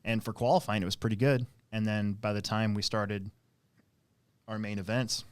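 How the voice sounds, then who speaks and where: A man with a lowish voice chats on a live stream, recorded dry and close with no room sound. He rambles through anecdotes, stopping and restarting, filling gaps with "um" and "like". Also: level tone, moderate pace, smooth, dry recording. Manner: rambling anecdotal storyteller, many fillers. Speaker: host and RC track operator. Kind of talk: casual live-stream chat.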